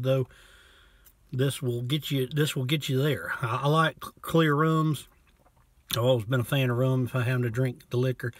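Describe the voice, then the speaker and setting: A man casually reviewing a bottle of rum from inside his parked truck, talking in a folksy, low-key way and cussing now and then. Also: dry recording. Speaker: vlogger reviewing liquor.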